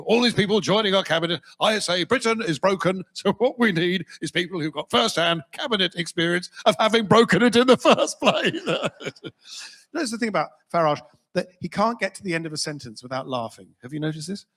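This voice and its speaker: A man's voice: sits high, animated, brisk, a bit bright, heavily acted. Man doing a brash politician who keeps chuckling. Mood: chortling. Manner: keeps laughing mid-sentence.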